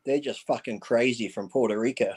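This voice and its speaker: A man's voice: medium pitch, fairly quick, a little mellow, husky. A man, a guest on a live stream, chatting bluntly and profanely as he tells stories and acts out quotes. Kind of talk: casual chat on a live stream.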